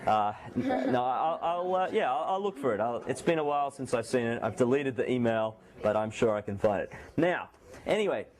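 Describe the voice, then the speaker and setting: A man lecturing a university math class, his voice slightly sore, so he keeps it a bit quieter. His speech is relaxed and conversational, full of restarts and self-corrections as he works through examples. He sits at a middling pitch for a man. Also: normal speed. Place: lecture hall.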